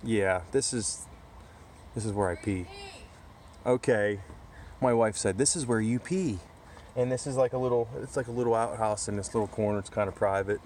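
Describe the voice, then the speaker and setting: A man's voice: fairly low pitch, fairly even intonation, moderate pace, darkish tone, slight background noise. A man talking casually to camera outdoors in a backyard corner, rambling through a story with many restarts. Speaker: vlogger. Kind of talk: casual chat.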